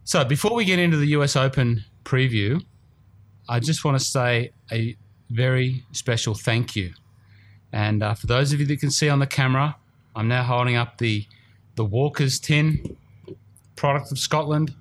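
The Australian host of a golf podcast speaks at a moderate pace with a mid-range voice, recorded in a studio room. His conversation drifts casually and carries a mildly self-deprecating streak.

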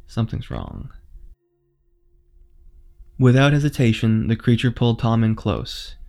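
A man reading a horror story aloud in a measured, suspenseful way. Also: medium pitch, steady tone, a little mellow. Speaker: narrator. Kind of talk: scripted horror narration.

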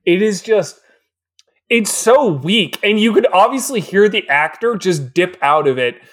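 Male podcast co-host, sarcastic casual recapper, lively pitch. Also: measured pace. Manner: animated, sarcastic. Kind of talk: casual movie recap chat.

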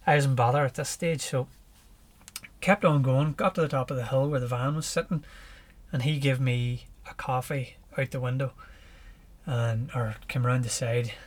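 Northern Irish man telling a lively story. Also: medium pitch, moderate pace. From Northern Ireland. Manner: lively storyteller, chuckles while recounting. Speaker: podcast guest, ultra runner. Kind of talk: casual storytelling.

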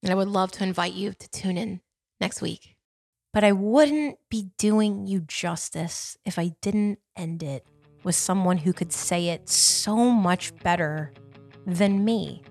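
A woman hosting a solo podcast, talking with passion, repeating phrases and asking rhetorical questions, sometimes dropping to hushed tones. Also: mid-range voice, slow, vocal fry, no room sound, studio quality, faint music behind. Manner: drops to soft, hushed tones. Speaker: podcast host.

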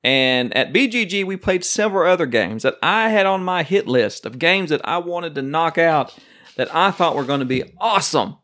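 A man's voice: a little high, expressive, normal speed, a bit bright. A man hosting a board game podcast, chatting casually and telling rambling, joking stories. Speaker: podcast host. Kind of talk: casual chat.

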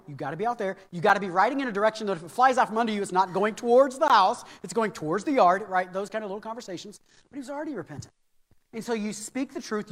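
A man's voice: high-pitched, fairly bright tone. An American man preaching a sermon as pastor, earnest and anecdotal, repeating key phrases for emphasis. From United States. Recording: reverberant hall.

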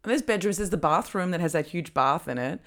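Young adult, talkative and teasing, mid-pitched voice, casual chat. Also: animated, quick pace, a loud crowd.

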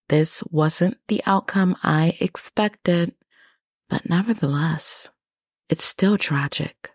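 A woman hosting a podcast at home, talking quietly and low so she won't wake her household. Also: no room sound, clean studio sound. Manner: quiet and low, speaking softly. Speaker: podcast host. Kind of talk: podcast monologue. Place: home, early morning.

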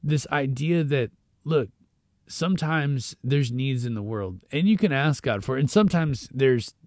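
A man's voice: medium pitch, expressive, a little slow, a little mellow, no echo. Dry-voiced man hosting a devotional. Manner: conversational and reflective, with fillers and restarts. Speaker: devotional podcast host. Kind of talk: scripture reading and informal devotional talk.

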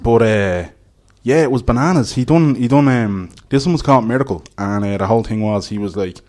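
A man's voice: mid-range voice, a little fast, darkish tone. A young Irish man on a podcast, telling a long story with lots of fillers and quoted voices. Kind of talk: casual chat.

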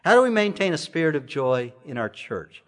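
A man's voice: fairly high pitch, very animated, brisk. A man preaching a sermon to his church in a conversational way, full of rhetorical questions and repeated phrases. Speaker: pastor.

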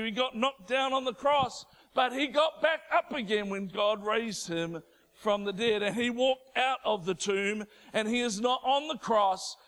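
High-voiced preacher, voice worn thin. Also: male voice. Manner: impassioned preaching, building to shouts. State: losing his voice. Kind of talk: sermon.

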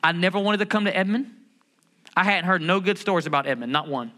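A middle-aged pastor delivers a sermon. His voice sits high and sounds bright and forceful. He drives points home by repeating phrases and putting questions to the congregation. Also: animated, fast talker. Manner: emphatic preaching, repeats key phrases, asks the congregation questions.

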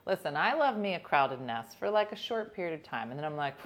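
A woman in casual chat telling animated stories, acting out her friends' lines with swings from loud to hushed. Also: sits low, fairly quick, few pauses.

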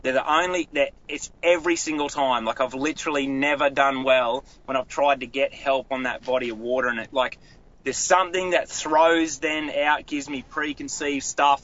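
A man with an Australian accent talks in a casual podcast chat, rambling and restarting his sentences. His voice is bright and forceful, and the recording is a little dull and lo-fi. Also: mid-range voice, steady tone, moderate pace. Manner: rambling storyteller with many restarts. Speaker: guest angler.

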